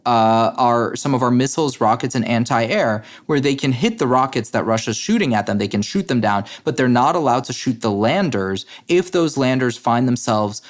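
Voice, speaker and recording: Analytical man with brisk, filler-heavy talk. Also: mid-range voice, lively intonation. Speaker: guest, head of a democracy advocacy group. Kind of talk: podcast interview.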